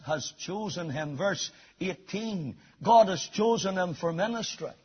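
High husky preacher, lo-fi sermon. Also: male voice. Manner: emphatic, rising to near shouts then dropping low. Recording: dull lo-fi recording.

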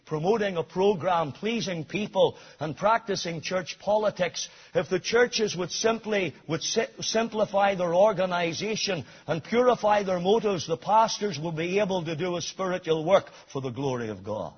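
A man preaching a sermon, emphatic, swinging from near shouts to a low, quiet delivery. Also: moderate pace, few pauses, breathy edge. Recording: dull lo-fi recording.

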